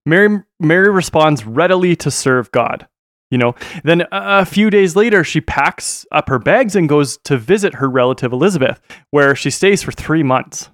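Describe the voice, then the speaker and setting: A man's voice: fairly high pitch, lively intonation, moderate pace, fairly bright tone, no room sound, studio quality. A man casually retelling a Bible story, chatty and joking as a co-host.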